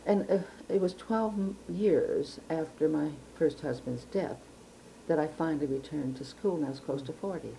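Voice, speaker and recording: A woman's voice: deep voice, moderate pace, vocal fry, warm tone, slight background noise, poor audio. An older woman from Chicago recalling her life in an oral history interview, speaking in a reflective, precise way with frequent restarts. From Chicago, United States.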